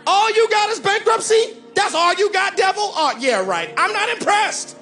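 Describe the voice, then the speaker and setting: A young man preaching a sermon, shouting and half-singing at his peaks, then dropping into quick, quiet joking asides. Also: very high voice, lively intonation, roomy sound, faint music behind. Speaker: pastor.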